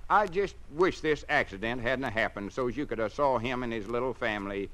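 An actor playing a boastful small-town storekeeper in a 1930s radio comedy, rambling in a rustic drawl full of malapropisms. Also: male voice, mid-range voice, expressive, fairly quick, heavy background noise, close to an everyday voice. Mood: blustering.

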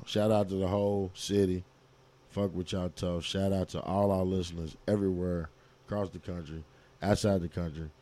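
Man, podcast co-host, brash and hyped, swears freely, mellow low voice. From Kentucky, US. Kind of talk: casual podcast chat.

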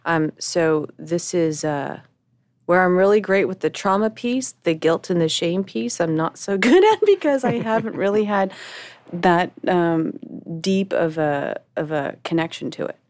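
A woman's voice: lowish voice, expressive, measured pace, darkish tone, dry recording. A middle-aged woman co-hosting a podcast, talking candidly and emotionally, often restarting her sentences as she searches for words. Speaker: podcast co-host.

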